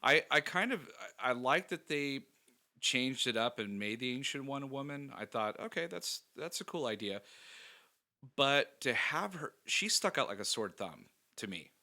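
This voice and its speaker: A man's voice: mid-range voice, animated, moderate pace, pushed and bright. A man co-hosting a podcast, giving casual movie opinions with frequent fillers and hesitations. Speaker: podcast co-host. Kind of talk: casual movie review chat.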